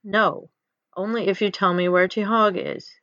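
A woman's voice: medium pitch, fairly even intonation, measured pace, a bit bright, dry recording, highs cut off. A woman voicing a wise math teacher who speaks firmly and matter-of-factly in a storybook reading.

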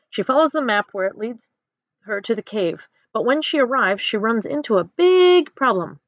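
A woman narrating a children's story aloud in an expressive storytelling manner. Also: mid-range voice, dry recording, lo-fi sound.

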